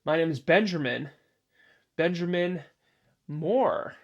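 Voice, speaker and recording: Narrator doing an easygoing, friendly rescuer; own voice, no character accent, slightly high. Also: male voice, animated, takes it slowly, lo-fi sound, heavily acted. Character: man who went to school with her, an easygoing rescuer.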